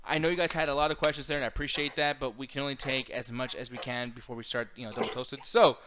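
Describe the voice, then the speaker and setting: A man's voice: mid-range voice, steady tone, fast talker, background noise. A man hosting a casual podcast chat, laughing often and swearing casually. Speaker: host.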